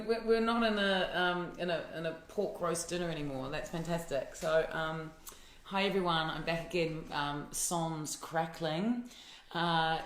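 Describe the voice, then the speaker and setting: A woman with a New Zealand accent and a lowish voice, an actress, hosts a playful live fan Q&A. She reads viewer comments aloud, laughs often and uses many fillers and restarts; her phone or laptop mic gives a roomy sound with slight background noise.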